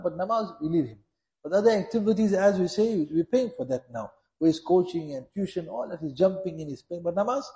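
Earnest preacher with an echoing voice. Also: male voice, on the high side, dark tone. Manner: earnest, repetitive, exhorting. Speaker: Islamic preacher. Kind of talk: sermon. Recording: echoey room.

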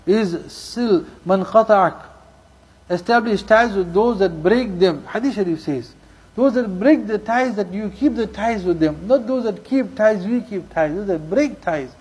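Husky high-voiced male preacher. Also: darkish tone, low-quality recording. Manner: storytelling with Urdu and Arabic religious terms mixed in; repeats lines for emphasis. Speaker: Islamic preacher. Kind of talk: sermon.

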